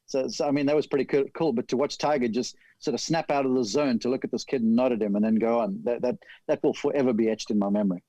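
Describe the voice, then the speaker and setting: A man, a golf analyst, telling long animated stories in casual podcast chat. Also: mid-range voice, quick pace, hardly any pauses, no room sound, low-quality recording. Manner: animated, detailed storyteller.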